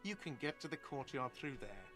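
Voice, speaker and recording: Brief: man voicing a snippy, whiny game innkeeper, lively swoopy pitch, faint music under it. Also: moderate pace, lightly acted. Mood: sarcastic. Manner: sarcastic and dismissive. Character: sarcastic, whiny male innkeeper.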